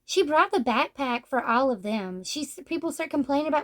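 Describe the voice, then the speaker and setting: A woman's voice: high voice, expressive, fairly quick, few pauses. A woman chatting casually as she reviews a comic book, blunt and sarcastic, acting out characters' lines. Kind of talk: casual manga review chat.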